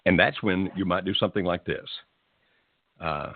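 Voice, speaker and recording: A man hosting a call-in advice show, speaking gently and reassuringly to callers. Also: low voice, moderate pace, pauses often, no room sound, phone-quality sound. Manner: gentle, reassuring, calls people "my friend". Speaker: radio call-in host giving marriage advice. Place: Tennessee.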